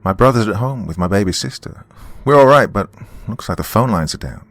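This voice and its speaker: A man voicing a frightened thirteen-year-old girl in a horror story, speaking high and pleading. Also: lively intonation, brisk, dry recording.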